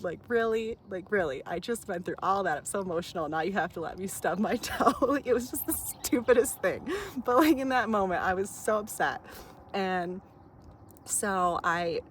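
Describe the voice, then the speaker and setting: A woman's voice: on the low side, a little hiss or hum. A woman vlogger telling a personal story outdoors in a chatty way, full of fillers, frequent laughs and swearing.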